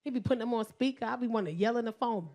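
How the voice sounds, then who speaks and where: A woman in her forties with a New York accent, doing a stand-up routine, animated and profane, often jumping into shouts. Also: a little high, very fast. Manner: loud, animated, swings to shouting; profane, slangy. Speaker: stand-up comedian.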